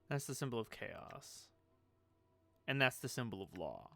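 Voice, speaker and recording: A man commenting on a game as he plays, reading its text aloud and adding dry little jokes. His voice sits at an ordinary pitch with a noticeable gravelly fry running through it. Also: very animated, unhurried, sharp tone, soft background music. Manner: wry, joking asides. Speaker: let's play host.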